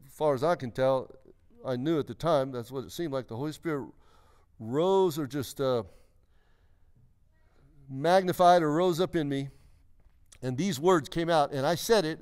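A man's voice: fairly high pitch, darkish tone, smooth. A man in his sixties preaching a testimony in church, telling his story earnestly and emphatically, often restarting his sentences. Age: 60s. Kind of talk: sermon testimony.

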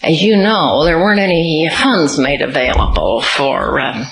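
Unhurried woman reminiscing, in an echoey room. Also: deep voice, lively intonation, vocal fry. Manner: unhurried reminiscing storyteller, occasional light laughs. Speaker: interviewee. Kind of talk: oral history interview.

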